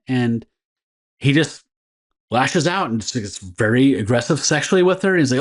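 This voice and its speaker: During a casual comic book podcast, a co-host walks through a comic's plot in a rambling, laughing way packed with fillers. He speaks a little slowly with long pauses, in a medium-pitched voice with lively intonation.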